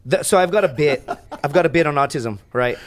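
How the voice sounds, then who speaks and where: A man guesting on a podcast, telling crude stories fast and profanely, acting out quotes from other people. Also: a little high, lively intonation, a little hiss or hum. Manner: rapid, profane storytelling with acted-out quotes. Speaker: guest, reality show contestant. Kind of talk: casual podcast chat.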